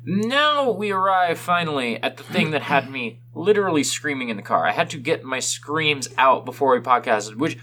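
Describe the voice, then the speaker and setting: A man's voice: fairly high pitch, lively intonation, moderate pace, few pauses, sharp tone. A man co-hosting a casual podcast, ranting with exaggerated complaints. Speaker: podcast co-host.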